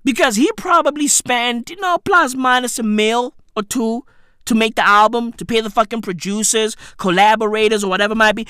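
A woman's voice: a little high, a little fast, bright, forceful tone, clean tone, dry recording, clean studio sound. A woman hosting a show, ranting with heavy swearing, exasperated and stammering through restarts. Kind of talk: profane comedic rant.

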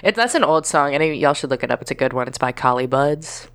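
A woman co-hosting a podcast, chatting in a relaxed, hesitant way with many fillers. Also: rumbling low, fast, clear, resonant tone, dry recording. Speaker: podcast co-host. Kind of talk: casual podcast chat.

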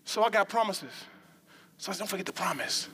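A woman preaching a lively sermon with call-and-response lines, breaking into shouts and joking asides. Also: mid-range voice, fast, a crowd in the background.

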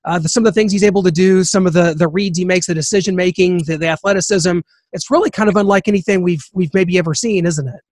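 Male interviewer, high voice, filler-heavy questions. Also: fast talker, hardly any pauses, a little mellow, no room sound, studio quality. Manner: hesitant, filler-heavy phrasing. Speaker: podcast host.

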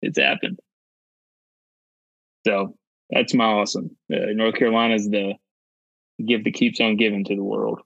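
A man with a gravelly, mid-pitched voice rambles through a story on a podcast, relaying what a friend said. The sound is close and dry. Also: unhurried, long pauses, a bit bright, no echo, highs cut off. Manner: rambling, relays quotes with many "he's like". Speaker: podcast co-host. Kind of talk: casual chat.

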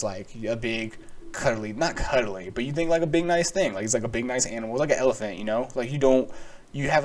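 A man's voice: medium pitch, a little mellow. A young man hosting a solo podcast, rambling casually with lots of swearing, filler words and sarcastic asides. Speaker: podcast host.

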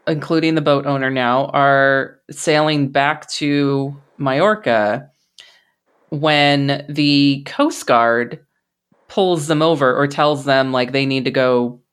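A woman with a very deep, clear, resonant voice hosts a podcast, recapping a film in casual chat at a slow pace. She swears freely and laughs in disbelief.

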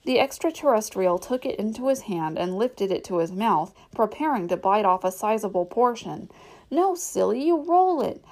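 A woman narrating a novel aloud in an audiobook reading. Her delivery is steady and storytelling. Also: medium pitch, normal speed, few pauses, rough recording.

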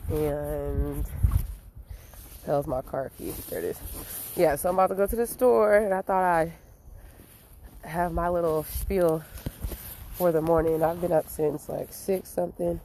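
Slow, mellow, stuffy-nosed vlogger rambling. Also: mid-range voice, slight background noise. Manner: rambling, musing and philosophical. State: stuffy nose from allergies. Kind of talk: casual vlog monologue. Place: outdoors near flowers and a car.

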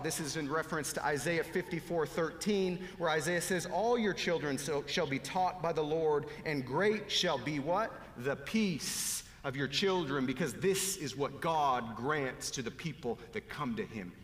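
A male pastor preaching a sermon, earnest, letting his voice fall low and soft at the ends of phrases. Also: a little hiss or hum. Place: church sanctuary. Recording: echoey hall with long reverb.

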